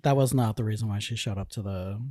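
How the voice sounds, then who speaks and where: A woman's voice: extremely low pitch, quick pace, warm tone, dry recording, clean studio sound. A young woman co-hosting a podcast, chatting casually about a film and joking about its plot. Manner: laughs often, jokey asides. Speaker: podcast co-host. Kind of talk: casual film review chat.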